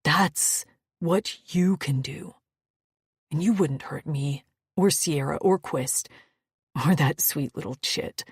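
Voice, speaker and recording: A woman doing a gruff, steady alien warrior man. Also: takes it slowly, no room sound, studio quality, exaggerated voice. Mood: soothing. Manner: low, firm and soothing.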